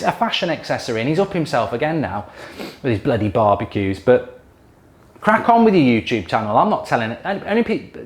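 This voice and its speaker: A middle-aged man cooking in his home kitchen on a handheld camera, telling a long story in an exasperated, mildly sweary way. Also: fairly high pitch. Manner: exasperated, swears mildly, mocks others in impressions. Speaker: YouTube host cooking on camera. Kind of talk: casual ranting storytelling while cooking.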